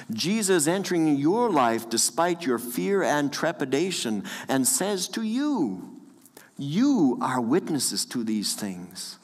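A man preaching a sermon as pastor, earnest and conversational, repeating key phrases with the odd soft chuckle. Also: medium pitch. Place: church sanctuary. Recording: long church reverb.

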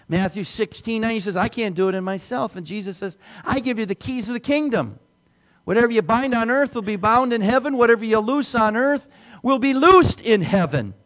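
Middle-aged man, high-pitched pastor delivering a sermon with soft-to-loud swings. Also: animated, a little fast. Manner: preaching with swings between soft and loud emphasis.

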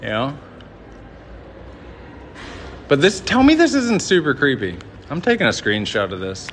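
Livestreaming as he walks through the interior of a large hotel, a man chats to viewers in a loose, rambling, jokey way. His medium-pitched voice swoops wildly and moves a little fast, sounding bright and forward on a handheld phone with a faint background hum.

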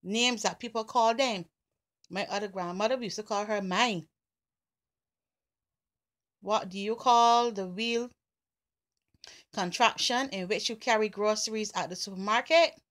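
A woman with a Barbadian accent, talking casually and deliberately through an accent challenge. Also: mid-range voice, fairly bright tone. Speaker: vlogger.

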